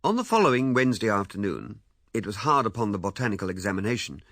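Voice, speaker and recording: Expressive male audiobook narrator. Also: on the low side, dry recording, studio quality. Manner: measured, expressive storytelling.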